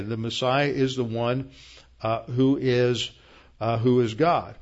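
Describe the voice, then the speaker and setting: A man preaching a verse-by-verse Bible lesson in a plain explaining tone, often pausing on fillers and restarting sentences. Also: mid-range voice, highs cut off. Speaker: pastor. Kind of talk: Bible teaching sermon.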